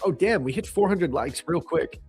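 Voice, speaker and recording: A man's voice: a little high, expressive, moderate pace, darkish tone, soft background music. A young man from New York hosting a casual livestream, laid-back and slangy, joking and reading chat aloud. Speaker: livestream trading host.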